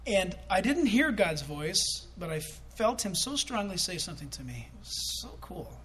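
Animated high-voiced male pastor preaching. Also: normal speed, slight background noise. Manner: animated, acts out quotes with sudden loud bursts. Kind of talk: sermon.

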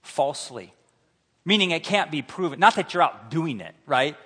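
Animated preacher man in an echoing hall. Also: a little high, moderate pace, slightly rough. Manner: animated, humorous, acts out voices. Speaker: pastor. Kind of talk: sermon. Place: church sanctuary.

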